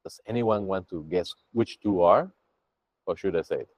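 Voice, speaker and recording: A man's voice: deep voice, moderate pace, breathy edge, dry recording, low-quality recording. A man teaching a Buddhist practice to a group over a video call, chatty and full of restarts. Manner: lively, chatty, with many restarts.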